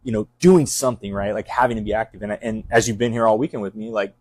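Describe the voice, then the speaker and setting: A middle-aged man with a fairly low voice talks fast and intensely, circling back with restarts and fillers. The sound is dry and close, and his manner is that of a casual podcast chat. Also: a little mellow, no echo. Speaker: fire captain.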